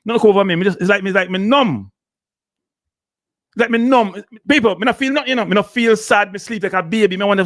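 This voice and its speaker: Fast, animated Jamaican man, heated scolding commentary, dry, close. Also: high-pitched, no room sound. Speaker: host.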